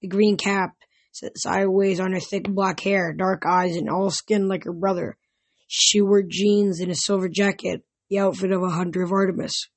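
A woman reading a novel aloud in steady narration. Her voice is husky and breathy, at a middle pitch. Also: moderate pace. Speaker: reader. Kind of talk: audiobook reading.

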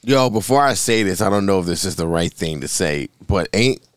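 Man, lively up-and-down voice, joking casual chat, swears freely, dry close sound. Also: deep voice, fairly quick, clear, resonant tone, no room sound. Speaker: podcast co-host.

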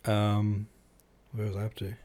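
A man with a low, mellow voice reads a classic novel aloud for his podcast, standing at his desk microphone. He breaks off now and then for relaxed, chatty asides while he stretches. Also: a little slow. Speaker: podcast host and audiobook reader. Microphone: desk microphone set at standing height.

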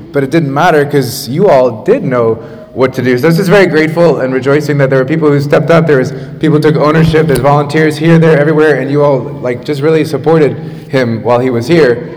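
A man pastor in his thirties preaches in a casual, chatty way, full of asides and restarts. His voice sits a little high for a man. It rings out with the long reverb of a church hall. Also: fast, a little mellow. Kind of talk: sermon. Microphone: makeshift microphone after the main one broke.

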